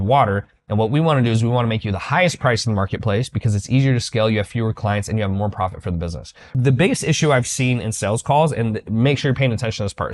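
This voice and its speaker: A male business coach talking fast through a sales lesson. He is blunt and emphatic, dropping into quick acted snippets of sales-call back-and-forth. His voice sits at an ordinary middle pitch. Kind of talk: sales training talk.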